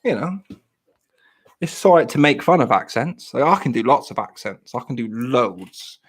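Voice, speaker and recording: A man's voice: mid-range voice, expressive, normal speed, breathy edge. A man from Plymouth with a broad Janner accent, rambling and joking in casual livestream chat. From Plymouth, England. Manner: rambling, jokey, self-mocking. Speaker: livestream host.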